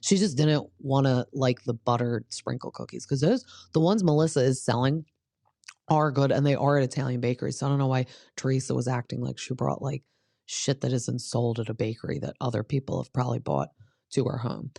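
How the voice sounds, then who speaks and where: A woman's voice: rumbling low, a little fast, vocal fry, dark tone, dry recording, studio quality. A woman hosting a podcast in a casual gossip chat, talking in a chatty, sarcastic, rambling way with lots of asides. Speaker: podcast host.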